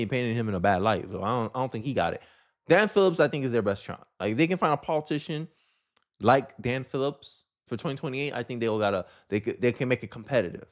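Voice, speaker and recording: A man delivers political commentary in a blunt, opinionated way. He hammers home his points and keeps asking rhetorical questions. His voice sits a little higher than most men's.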